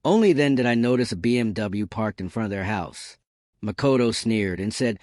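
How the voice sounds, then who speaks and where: A man narrating a first-person drama story. His pitch moves in an animated way. The recording is dry and close. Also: normal speed, no room sound.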